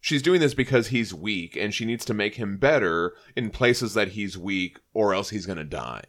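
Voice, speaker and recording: Enthusiastic man with a lively voice. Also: moderate pace. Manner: enthusiastic, reads comic dialogue aloud with lively pitch. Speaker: podcast co-host. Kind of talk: casual comic book discussion.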